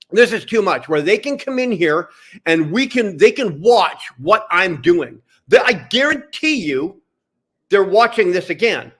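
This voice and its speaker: Angry high-voiced man ranting. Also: fairly bright tone. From Canada. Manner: profane, heated, repetitive. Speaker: streamer. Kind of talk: angry livestream rant.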